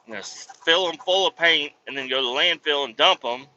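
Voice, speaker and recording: A man in his thirties casually telling stories about his kids and his work, animated and swearing freely. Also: a little high, fast, slight background noise. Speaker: vlogger, truck driver. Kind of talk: casual storytelling vlog. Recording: dull lo-fi sound.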